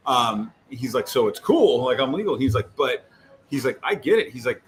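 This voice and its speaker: A man co-hosting a podcast, chatting casually and telling animated stories with lots of fillers. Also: medium pitch, normal speed, slight background noise. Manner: rambling, animated storytelling with many fillers. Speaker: co-host. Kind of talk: casual chat.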